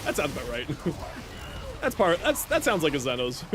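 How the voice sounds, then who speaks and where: Chatty high-voiced male streamer. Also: wildly swooping pitch, normal speed, over music. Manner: chatty storyteller who laughs often. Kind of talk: casual gameplay commentary.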